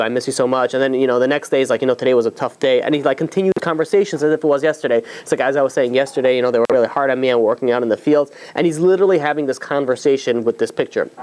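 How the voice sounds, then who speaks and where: A man's voice: mid-range voice, darkish tone. A man, a rabbi, telling a long story in a loose, conversational way, full of fillers and restarts. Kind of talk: storytelling talk.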